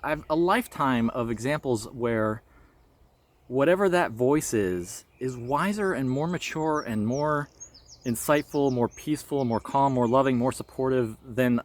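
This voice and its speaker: A man's voice: medium pitch, unhurried. A man vlogging about his spiritual experiences, telling a personal story in an earnest, reflective way with light laughs.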